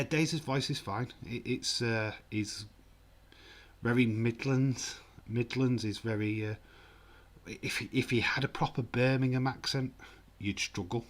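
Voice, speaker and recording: A man hosting a football watch-along stream, chatting casually and jokingly while he reads comments from the chat. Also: on the low side. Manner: chatty, jokey, mock-offended.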